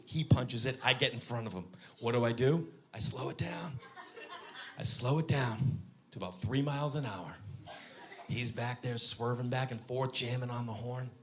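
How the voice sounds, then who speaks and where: A man doing a stand-up comedy set, telling a story in a dry, deadpan way that breaks into sudden shouting. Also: medium pitch. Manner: deadpan, then shouting bursts. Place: comedy stage.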